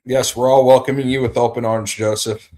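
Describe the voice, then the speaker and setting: A man's voice: mid-range voice, little pitch movement, brisk, warm tone. A man hosting a casual livestream, rambling and greeting viewers as they arrive. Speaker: livestream host.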